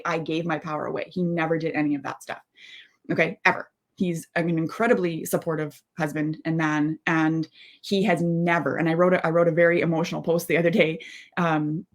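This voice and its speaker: Rambling heartfelt woman in her thirties. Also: lowish voice. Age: 30s. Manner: rambling, heartfelt, full of asides and restarts. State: close to tears. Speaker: spiritual mindset coach. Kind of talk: candid live-stream monologue.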